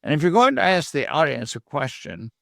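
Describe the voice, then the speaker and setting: Measured older man, speech coach. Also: a little high, sing-song, gravelly, a bit bright, dry recording, clean studio sound. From Georgia, USA. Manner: measured, deliberate, lists points and quotes sayings. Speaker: communication coach guest. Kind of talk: interview guest giving advice.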